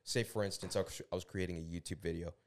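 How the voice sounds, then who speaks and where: A male podcast host with a very deep voice who talks fast. He keeps the chat loose and relaxed, swearing casually as he asks his guests questions.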